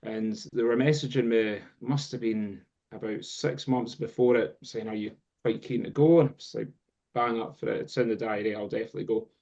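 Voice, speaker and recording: A Scottish man, a guest drum teacher, telling a long story in casual chat, rambling with many pauses and fillers. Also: fairly low pitch, fairly even intonation, gravelly, dark tone. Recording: dull lo-fi sound.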